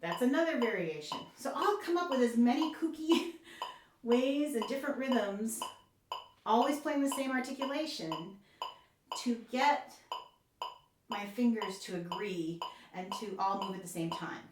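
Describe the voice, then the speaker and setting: A woman's voice: fairly high pitch, expressive, measured pace, slight background noise. A woman oboe professor giving an encouraging, explanatory music lesson. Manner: encouraging, explanatory, with light laughs. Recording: echoey room.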